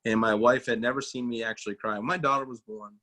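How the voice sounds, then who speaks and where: A man's voice: medium pitch, fairly even intonation, quick pace, sharp tone. Man, thirties, army veteran guest, casual storytelling, folksy, self-mocking, acts out voices.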